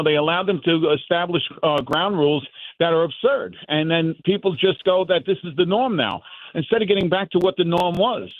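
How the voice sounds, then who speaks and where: Man from New York, radio guest, indignant, mocking, higher voice, dull dry line. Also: dry recording. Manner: indignant, mocks opponents with put-on quotes. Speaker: guest, former police officer and political candidate. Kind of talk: heated political commentary.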